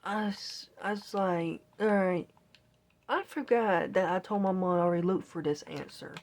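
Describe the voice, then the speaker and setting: A woman's voice: on the low side, moderate pace. Exasperated woman rambling through a story. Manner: rambling, exasperated retelling with quoted self-talk. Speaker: vlogger. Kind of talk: casual storytelling while gaming.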